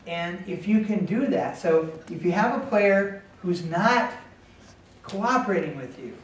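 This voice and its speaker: A man explaining positive coaching to an audience in a calm, patient way, with frequent pauses and ums. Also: sits high, a little hiss or hum. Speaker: speaker at a coaching workshop. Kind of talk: talk with audience Q&A. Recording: echoey hall, far from the mic.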